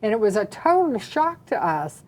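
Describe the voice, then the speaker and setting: A woman from the American South tells a story on a talk show. Her delivery is animated and dramatic. She speaks in an easy, conversational way as a co-host. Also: medium pitch, moderate pace. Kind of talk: casual storytelling chat.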